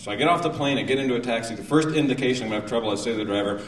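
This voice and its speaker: A man doing a stand-up comedy routine, telling a travel story with lively delivery and mock foreign accents, while an audience laughs. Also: fairly low pitch, very fast, hardly any pauses. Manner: animated storytelling, mock French and Spanish accents. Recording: roomy, distant live recording with noise.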